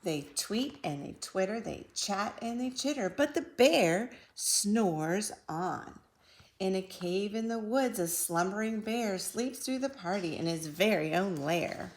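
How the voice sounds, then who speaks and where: Lady reading a kids picture book real slow, kinda gravelly voice, playful sing-song. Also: mid-range voice, expressive. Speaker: storybook reader.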